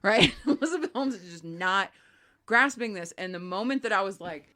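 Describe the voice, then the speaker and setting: A woman's voice: medium pitch, normal speed. A woman co-hosting a casual chat podcast, reading a listener email and acting out the people in it. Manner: animated, acts out quoted voices. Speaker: podcast co-host.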